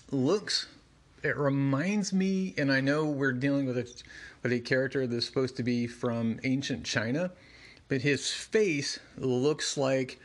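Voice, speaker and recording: Casual man narrating a comic. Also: mid-range voice. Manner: conversational, many fillers and asides. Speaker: comic book reviewer and reader. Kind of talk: casual comic read-along commentary.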